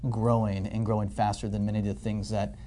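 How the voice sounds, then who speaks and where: An energetic man hosting a live marketing webinar, addressing the audience directly and often checking in with "okay?". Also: on the low side, a little fast, slight background noise. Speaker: webinar host.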